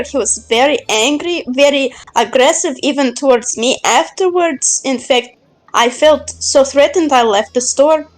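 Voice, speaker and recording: A woman playing in an online tabletop game, earnest and deliberate as she speaks in character. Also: high voice, low-quality recording. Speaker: player.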